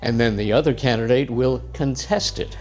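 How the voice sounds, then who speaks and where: An American man walks through a scripted lesson dialogue in a steady, plain manner, chuckling lightly between remarks. His medium-pitched voice moves at a moderate pace while soft music plays quietly in the background.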